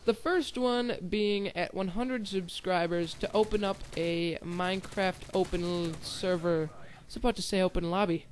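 A man's voice: high-pitched, steady tone, moderate pace, few pauses, a little hiss or hum. A young man giving casual gameplay commentary, rambling and giggly with self-deprecating asides. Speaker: gaming channel host.

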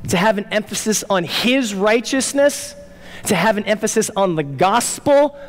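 Male pastor, high-pitched, preaching with urgent emphasis and sudden quiet asides; reverberant church room. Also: expressive, moderate pace. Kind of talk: sermon. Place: church sanctuary.

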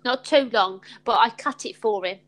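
A woman's voice: on the high side, moderate pace, a little hiss or hum, rough recording. A woman hosting a live stream chat, rambling in an upbeat, sweary way.

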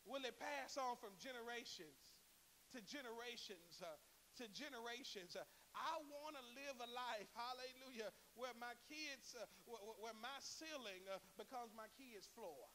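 A man with an American accent preaching a sermon as a pastor, with laughing asides, call-and-response, and a build to shouted praise. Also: very high-pitched, animated, normal speed, in a large hall, slight background noise. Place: church sanctuary.

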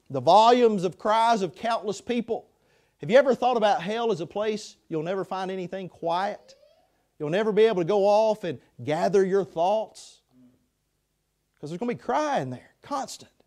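A man preaching a sermon in a chapel, passionate, swinging between loud pleas and hushed passages. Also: high-pitched, lively intonation, moderate pace.

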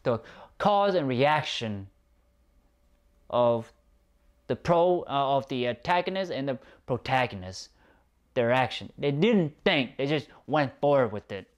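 A man's voice: mid-range voice, animated, unhurried, long pauses. A man giving a casual, ranting film review, exasperated and profane, often repeating himself. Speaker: movie reviewer.

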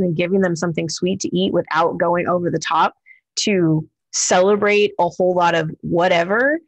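A woman hosting a podcast, talking in a relaxed, reflective way. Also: medium pitch, dry recording. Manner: relaxed and reflective, many fillers. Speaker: podcast host. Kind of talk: casual podcast conversation.

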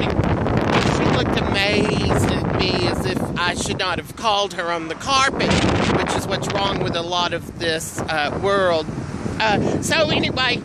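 A chatty man rambles through a story outdoors on a freezing day, throwing in big theatrical exclamations. His voice catches with a frog in the throat from the cold, and he keeps clearing it. Heavy wind rushes across the phone mic. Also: sits high. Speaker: vlogger telling a story. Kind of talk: casual storytelling to camera. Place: outdoors at a filling station in freezing weather.

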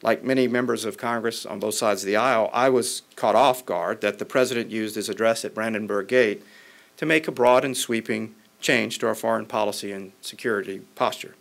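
A man who is a member of Congress, giving a formal policy speech in a measured way with occasional restarts. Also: on the low side, fairly even intonation, vocal fry.

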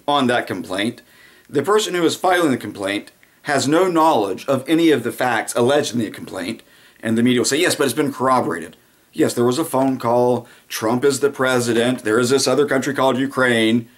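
A man talks through his commentary in a loose, sarcastic monologue, full of fillers and asides. His voice sits at an ordinary mid pitch, and he sounds like a regular commentator speaking straight to his viewers. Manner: sarcastic, rambling, frequent fillers. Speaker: political commentator.

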